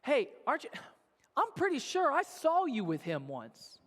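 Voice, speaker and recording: A male preacher voicing a pushy bystander who keeps accusing, loud and needling, in a long hall reverb. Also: very high-pitched, wildly swooping pitch, normal speed, exaggerated voice.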